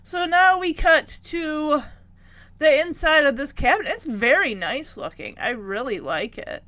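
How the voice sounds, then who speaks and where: A woman retells sitcom scenes in a loose, chatty way, slipping into the characters' lines as she goes. Her voice sits a little high for a woman. The sound is dry and close, with no room echo. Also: expressive, unhurried, pushed and bright. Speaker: podcast host recapping a sitcom. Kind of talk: casual recap chat.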